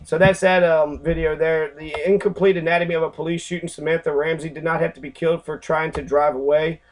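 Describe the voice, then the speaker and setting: A man's voice: fairly high pitch, fairly even intonation, fast, poor audio. A man from Kentucky giving angry, profane casual commentary on civics, ranting with many fillers. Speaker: civics vlogger.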